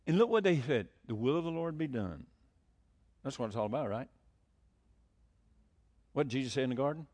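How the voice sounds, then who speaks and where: A man preaching a sermon as pastor, animated, asking rhetorical questions and chuckling between points. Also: mid-range voice, brisk, pauses often.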